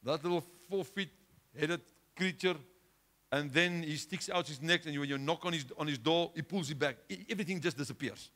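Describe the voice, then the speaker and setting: A male pastor preaching a sermon with a South African accent, swinging between loud urgent exhortation and quiet, low asides. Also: brisk. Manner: impassioned preaching, rising loud then dropping low.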